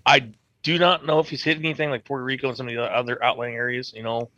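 A man's voice: medium pitch, level tone, quick pace, pushed and bright, dry recording, highs cut off. A man talking as a guest in casual podcast chat, earnest and loose, with lots of fillers and the odd swear word.

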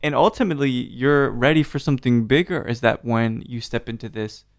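A man's voice: medium pitch, fairly quick, dry recording, clean studio sound. A man hosting an interview who laughs easily and encourages his guest with short replies. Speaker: interviewer, host. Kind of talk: casual interview.

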